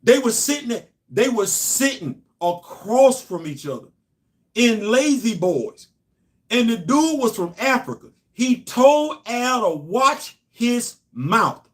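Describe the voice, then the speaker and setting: Animated high-voiced man hosting opinion talk. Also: slow pace. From New York. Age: middle-aged. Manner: animated, emphatic, swings between loud and low asides. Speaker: host.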